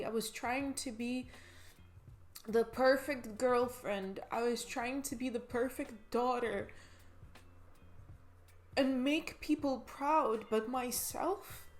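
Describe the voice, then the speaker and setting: A woman's voice: sits high, slow, soft background music. A woman in her twenties, a vlogger giving a podcast-style pep talk in a passionate, emphatic way, swearing for emphasis.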